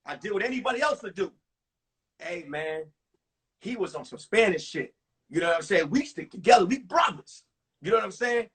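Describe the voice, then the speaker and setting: A male comedian telling animated stories from high school in a one-man show on a livestream. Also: brisk, husky. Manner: animated, acts out voices. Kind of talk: stand-up storytelling. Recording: distant mic on a phone livestream.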